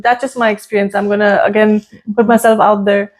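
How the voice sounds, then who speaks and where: A woman hosting a podcast, asking gentle, hesitant questions with fillers. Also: mid-range voice, little pitch movement, a little fast. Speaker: podcast host. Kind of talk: interview conversation.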